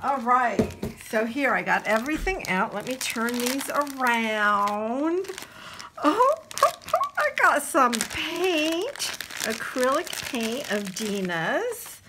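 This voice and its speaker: A woman from New Jersey chatting casually to her camera as she unboxes craft supplies, gushing and excited, with lots of fillers. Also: a little high, slow pace, noisy background. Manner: gushing and excitable, full of exclamations. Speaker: craft vlogger.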